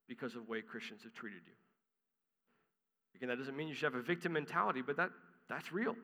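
Bright-voiced man preaching a sermon. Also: a little high, in a large hall. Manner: earnest expository preaching, reads scripture aloud.

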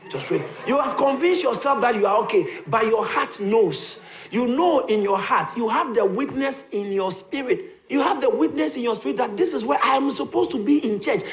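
A male pastor preaching a sermon in a church, dramatic, acting out Bible voices and shouting for emphasis. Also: extremely high pitch, expressive, brisk, reverberant.

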